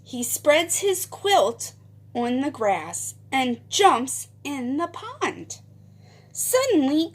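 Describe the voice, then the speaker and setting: A woman's voice: high-pitched, very animated, very slow, slightly rough. A woman teacher leading a phonics lesson for young children, reading a storybook aloud in a sing-song way with whispered parts.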